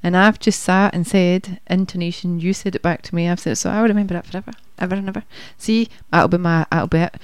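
A woman's voice: on the low side, steady tone, fast talker, few pauses, smooth, no room sound. A woman with a Scottish accent co-hosting a casual music show, chatty and rambling. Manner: chatty, rambling, laughs easily. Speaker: co-host. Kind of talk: casual radio chat.

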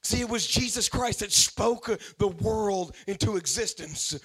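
A high-pitched man preaches a sermon, working up to fervent declarations. He repeats key lines and calls out to his listeners as a pastor. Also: unhurried, fairly bright tone, husky. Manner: preaching with rising fervor and repetition.

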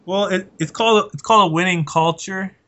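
Bright-voiced, teasing man on a podcast. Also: high voice, fairly quick. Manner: playful, teasing banter. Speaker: podcast co-host. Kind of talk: casual sports chat. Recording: dull lo-fi sound.

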